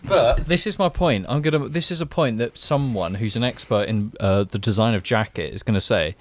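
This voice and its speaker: A man's voice: mid-range voice, brisk, slight background noise. A man co-hosting a casual podcast, rambling through his points with self-mocking humour and frequent laughter. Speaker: podcast co-host. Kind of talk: casual chat among friends.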